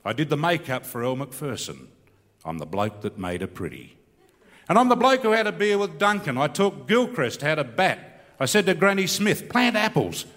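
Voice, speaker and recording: A middle-aged Australian comedian tells his story in a rambling, laconic way, his pitch rising and falling freely. He recites comic bush poetry for laughs. His voice rings out with a long hall reverb. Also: sing-song, moderate pace, a bit bright. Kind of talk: stand-up comedy with recited poem.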